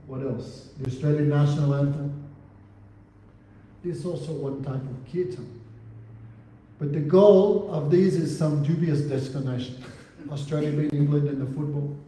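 Man teaching in a booming echoey hall. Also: unhurried, long pauses, dark tone, slight background noise. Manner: recites Sanskrit verses and translates them, asks rhetorical questions. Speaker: spiritual teacher. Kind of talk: religious class lecture. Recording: very echoey hall with long reverb.

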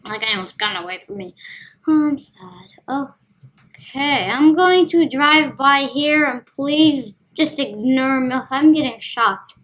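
Female gamer host, casual running commentary, playful and chatty, slightly high voice. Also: expressive, slow pace, a bit bright, slight background noise. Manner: chatty, playful, talks to herself while playing. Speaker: gaming video host.

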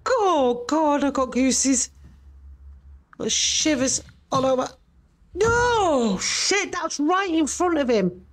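A woman's voice: high voice, lively intonation, slow pace. A woman reacting to a ghost hunt video, jittery, exclaiming and swearing, rambling when nervous.

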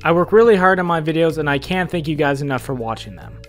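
A man addressing his viewers in a relaxed channel announcement. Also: on the high side, fast, over music. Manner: easygoing, direct address to viewers.

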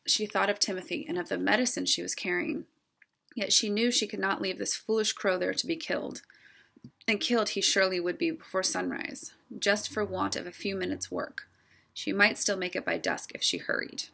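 A woman reading a children's novel aloud in a calm, steady storytelling way. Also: medium pitch, normal speed, creaky. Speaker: storybook reader.

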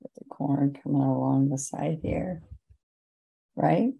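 A woman teaching a painting lesson, giving gentle, chatty step-by-step guidance as she works. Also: low voice, slow, gravelly, breathy edge, lo-fi sound. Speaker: painting instructor. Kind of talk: relaxed painting demonstration.

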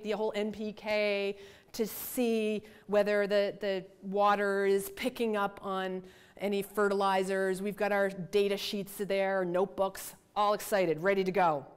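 A middle-aged woman researcher giving a lecture, telling her field story in an animated, self-deprecating way with asides. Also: mid-range voice. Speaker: environmental researcher giving a talk. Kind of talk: lecture with a personal anecdote.

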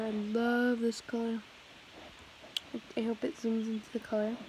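A woman's voice: on the high side, a little mellow. A young woman in her teens chatting casually in a vlog at home, rambling with many fillers and restarts. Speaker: vlogger. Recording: noisy home recording.

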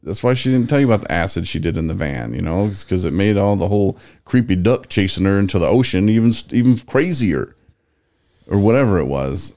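A deep-voiced man with a gravelly, fry-heavy edge hosts a podcast in loose casual chat. He rambles through stories and slips into the voices of the people he quotes. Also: brisk. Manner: rambling, animated retelling with acted-out quotes. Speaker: podcast host.

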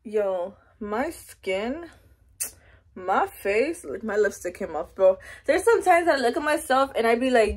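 A woman's voice: high voice, animated, fairly quick. A young woman in her twenties talking through her day in a casual vlog, candid and full of slang and swearing. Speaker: vlogger.

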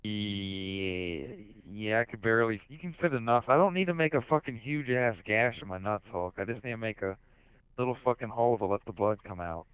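A teenage boy in casual online voice chat on a headset, rambling crudely with heavy swearing and sudden shouted outbursts. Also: lowish voice, moderate pace, smooth, no echo, poor audio. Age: teens.

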